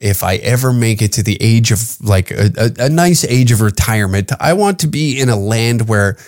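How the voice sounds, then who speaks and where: A man's voice: fairly low pitch, expressive, normal speed, a little mellow. A man from Canada, a comedian hosting his own podcast, ranting profanely and heatedly on his own. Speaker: podcast host and stand-up comic. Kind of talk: solo podcast rant.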